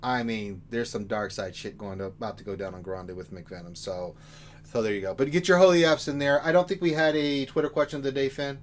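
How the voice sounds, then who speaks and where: A man's voice: mid-range voice, a little fast. A man co-hosting a game livestream in casual chat, joking and talking straight to his viewers in a rowdy way. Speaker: livestream co-host.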